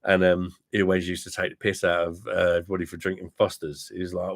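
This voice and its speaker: A man's voice: deep voice, steady tone, quick pace, hardly any pauses, a bit bright. A middle-aged man with a blunt, joking manner, chatting casually with viewers on a live stream and calling them mate. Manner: blunt, laughing, swears freely, addresses viewers as mate. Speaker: beer reviewer and live-stream host. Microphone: webcam mic.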